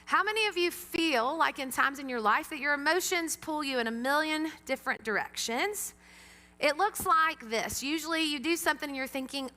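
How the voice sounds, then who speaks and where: A woman's voice: sits high, fairly quick, sharp tone. A middle-aged woman pastor giving a sermon in a church, telling stories with animation and acting out her own reactions. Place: church sanctuary. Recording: long hall reverb.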